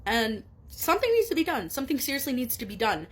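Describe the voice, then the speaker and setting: A woman's voice: high-pitched, big pitch swings, fast talker. Heated young woman telling a story. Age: young adult. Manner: rambling, heated, lots of fillers and swearing. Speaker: student. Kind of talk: casual storytime to camera.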